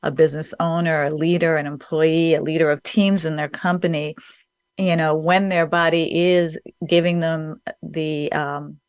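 Chatty woman host, low voice. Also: little pitch movement, moderate pace, no room sound, clean studio sound. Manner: chatty, emphatic, works with busy professionals. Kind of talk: conversational interview.

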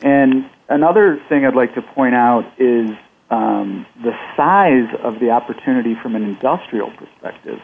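Man, panel guest, upbeat, medium pitch, tinny line. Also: lively intonation, moderate pace, vocal fry. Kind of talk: panel discussion. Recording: tinny phone line with faint noise.

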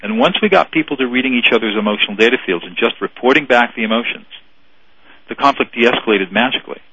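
A man's voice: medium pitch, animated, fast, bright, forceful tone, lo-fi sound, slight background noise. A man guest on a radio show, earnestly explaining conflict mediation in a phone interview, often repeating words.

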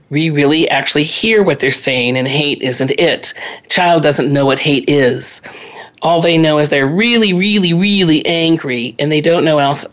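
A woman family counselor talking earnestly about parenting, clearing her throat now and then. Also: deep voice. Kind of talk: radio advice talk.

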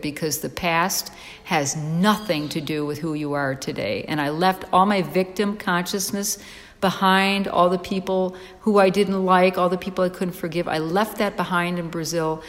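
A woman guest in an interview, telling her story in a lively, excitable way with frequent fillers. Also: on the low side, in a large hall. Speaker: interview guest, dog rescuer.

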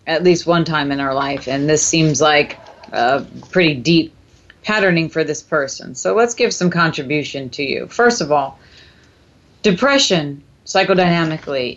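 A woman with a low-sitting voice hosts a self-help radio talk show, speaking unhurriedly and coaching a listener with emphasis. She repeats phrases in chant-like sequences and tenderly calls the listener "my dear," though the recording is muffled.

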